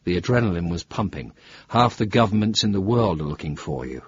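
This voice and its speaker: Male thriller narrator, low husky voice, animated delivery, muffled dry lo-fi audio. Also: fairly quick, dry recording. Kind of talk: scripted narration. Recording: dull lo-fi dry recording.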